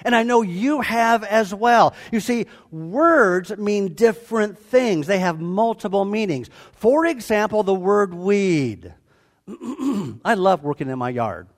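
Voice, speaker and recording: A man in his sixties preaching a sermon to a congregation, animated and joking with them as he teaches. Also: high voice, slow. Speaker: pastor. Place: church before a live congregation.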